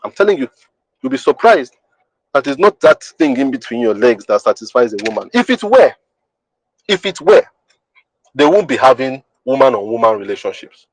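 A man of ordinary pitch hosts a podcast and teaches in a monologue. He talks emphatically, repeats his points and keeps checking that the listener understands. His voice sounds dry and close. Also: very animated, normal speed, long pauses, no echo, rough recording. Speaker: podcast host.

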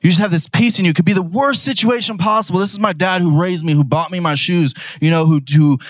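A young man preaches with a somewhat higher voice, telling his story loosely and conversationally. He builds to loud, emphatic declarations. The recording is dry and close, with little room sound. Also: quick pace, dry recording. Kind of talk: sermon.

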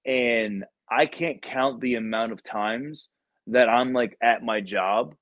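A man's voice: mid-range voice, slow, no room sound, phone-quality sound. A young man hosting a podcast, telling stories in casual, profane slang with many fillers. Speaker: podcast host. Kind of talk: casual chat.

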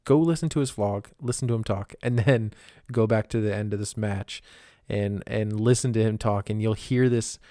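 A man's voice: fairly low pitch, normal speed, mellow, no room sound, studio quality. A man hosting a wrestling podcast alone, talking casually in a blunt, rambling way with lots of fillers and frequent swearing. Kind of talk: casual solo recap.

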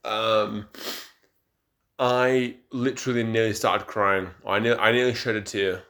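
A young man co-hosts a casual podcast, a little tipsy and rambling. He keeps stumbling over his restarts, and his voice sits somewhat low. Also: steady tone, measured pace, bright, forceful tone. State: tipsy from drinking. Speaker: podcast co-host. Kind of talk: casual chat.

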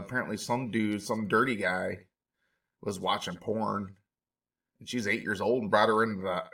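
A man's voice: fairly low pitch, bright, forceful tone, far from the mic. A man hosting a podcast, giving emotional, indignant, rambling casual commentary on a documentary. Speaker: podcast host reacting to a documentary.

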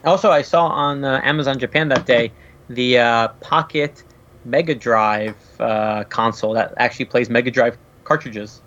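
A man's voice: medium pitch, moderate pace, fairly bright tone, dull audio, a little hiss or hum. A man co-hosting a casual video game podcast, chatting loosely with lots of "like" fillers. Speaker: podcast co-host. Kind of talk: casual chat.

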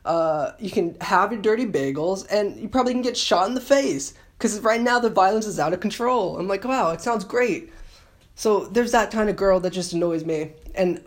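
A man ranting in a casual monologue, annoyed and sarcastic, sometimes mocking others in put-on voices. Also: high-pitched. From San Francisco Bay Area. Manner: mimics women in mocking voices. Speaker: vlogger.

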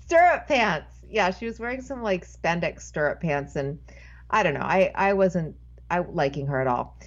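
A woman's voice: lowish voice, expressive, normal speed. A woman guest tells a long story in loose, casual talk. She keeps breaking off and starting her sentences again. The recording sounds slightly dull and lo-fi. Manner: rambling, self-interrupting storyteller. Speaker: podcast guest. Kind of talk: casual anecdote telling.

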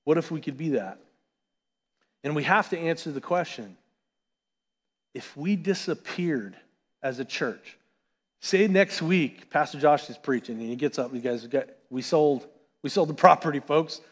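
Pastor, male, fairly high voice, chatty animated sermon, long church reverb. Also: unhurried, pauses often, husky. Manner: conversational, animated preaching with asides. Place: church sanctuary.

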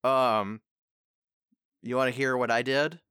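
A male voice actor in casual chat, giving loose, rambling advice and dropping into quick acted line readings. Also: medium pitch, steady tone, sharp tone, clean tone, dry recording, clean studio sound.

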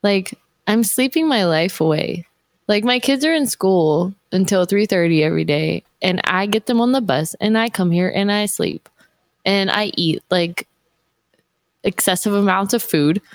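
A woman in her thirties, a mother and streamer appearing as a guest, talks candidly in a casual conversation. Her medium-pitched voice is expressive and moves at a normal speed, and she rambles with heavy use of "like." The recording is dry.

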